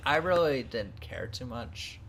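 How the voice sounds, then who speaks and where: Guy cohosting a podcast, mid pitch, kinda hesitant and laid back, lots of uhs, little bit of hiss. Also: a little slow, vocal fry. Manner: relaxed, hesitant, lots of fillers. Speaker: podcast co-host. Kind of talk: casual chat.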